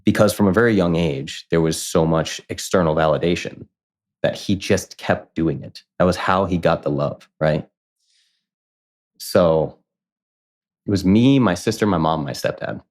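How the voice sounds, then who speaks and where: A man in his thirties, a podcast guest, telling a personal story in casual conversation, candid and animated, acting out what others said. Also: deep voice, measured pace. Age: 30s. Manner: candid, animated, quotes people in lively voices.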